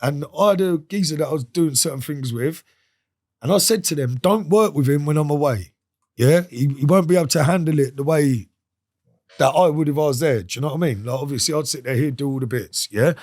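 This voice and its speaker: A man sits in as a podcast guest and tells a story in a lively, streetwise way. His speaking voice sits a little higher than most men's. He swears freely and slips in and out of the voices of the people he quotes. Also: fairly quick. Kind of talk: casual interview storytelling.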